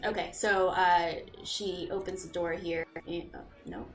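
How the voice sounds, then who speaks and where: A woman narrating a tabletop game as game master, playful and quick to laugh, with quick asides. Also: lowish voice, lively intonation, faint music behind.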